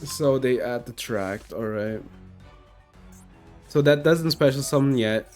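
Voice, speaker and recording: A man streaming himself playing a card game, chatting casually in an animated, self-mocking, rambling way full of fillers. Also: mid-range voice, takes it slowly, faint music behind. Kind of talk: casual gameplay commentary.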